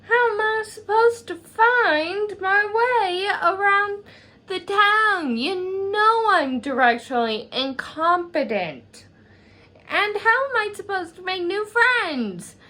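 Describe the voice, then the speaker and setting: A woman's voice: high-pitched, takes it slowly, hardly any pauses, bright, forceful tone, full character voice. A woman voicing a nervous teenage girl who is upset about moving away, speaking in a whiny, tearful way. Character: panicky girl moving away, teen, anxious.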